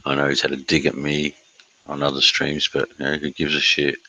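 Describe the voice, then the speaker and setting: A middle-aged Australian man chatting casually on a live stream, reading chat aloud, blunt and sweary with many filler pauses. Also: extremely low pitch, completely flat delivery, pushed and bright, dry recording, low-quality recording.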